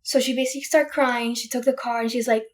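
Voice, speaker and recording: A young woman from Puerto Rico, a podcast guest, retelling a family story in an animated, emphatic way with many restarts. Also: a little high, quick pace. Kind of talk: casual storytelling.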